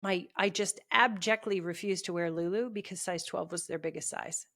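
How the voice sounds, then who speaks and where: A woman's voice: lowish voice, moderate pace, a bit bright. A woman with a Canadian accent co-hosting a podcast, blunt and teasing in casual chat. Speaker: podcast co-host.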